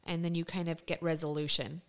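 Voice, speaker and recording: Candid, plain-spoken woman with a smooth voice. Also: low-pitched, level tone, brisk. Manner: candid, explanatory, swears freely. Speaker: podcast host. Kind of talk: casual podcast conversation.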